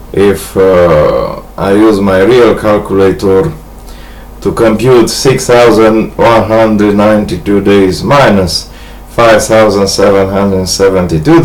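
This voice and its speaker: Halting, grandiose man. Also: on the low side, low-quality recording. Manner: hesitant, halting, many restarts and fillers; grandiose, earnest monologue. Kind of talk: rambling personal video message.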